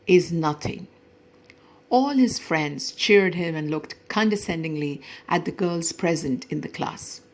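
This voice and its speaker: A woman telling a short story in a gentle, measured and reflective way. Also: lowish voice, slightly rough, rough recording. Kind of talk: storytelling to camera.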